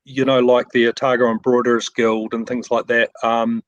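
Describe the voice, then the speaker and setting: A middle-aged man with a New Zealand accent, talking about his work in a relaxed, rambling way with plenty of ums and restarts. His voice sits at an ordinary middle pitch. The sound is dry and close, as on a video call. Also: moderate pace, dry recording, muffled recording. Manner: modest, rambling, many fillers and restarts. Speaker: framing shop owner. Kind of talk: casual interview.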